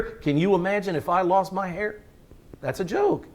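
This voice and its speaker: High-voiced man preaching a sermon. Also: moderate pace. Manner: emphatic, repeats words for stress, asks the congregation questions. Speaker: pastor.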